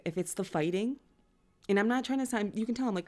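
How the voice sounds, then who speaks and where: A woman's voice: medium pitch, quick pace, a little mellow. Rambling woman giving a tarot reading. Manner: rambling, chatty, full of "like" and "you know". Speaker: tarot and astrology reader. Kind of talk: casual collective reading.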